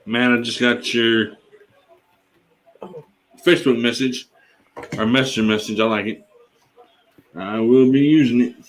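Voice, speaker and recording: A man's voice: medium pitch, fairly even intonation, a little slow, pauses often, low-quality recording. A man in his forties, a fellow streamer, chatting casually in a rambling, folksy way. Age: 40s. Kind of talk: casual chat.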